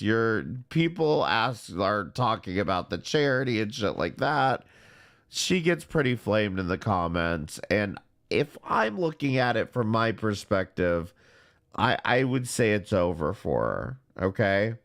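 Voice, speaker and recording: A man hosting a commentary show, talking in a sarcastic, deadpan way. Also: lowish voice, slow pace, vocal fry. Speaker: commentary channel host. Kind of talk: casual mocking commentary.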